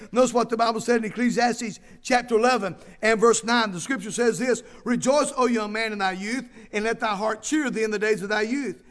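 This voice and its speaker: Male pastor with a high-pitched voice, preaching with emphatic repetition and reading scripture aloud. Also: brisk, few pauses, a bit bright. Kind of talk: sermon.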